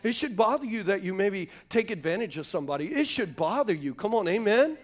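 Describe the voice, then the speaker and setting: A man's voice: high-pitched, animated, a little fast. A man preaching a sermon, telling folksy stories and calling out to the congregation. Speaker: pastor.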